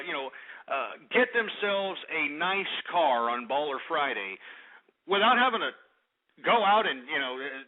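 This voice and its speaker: A man hosting a call-in radio show, ranting brashly and insulting callers. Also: on the high side. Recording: phone-like lo-fi radio audio.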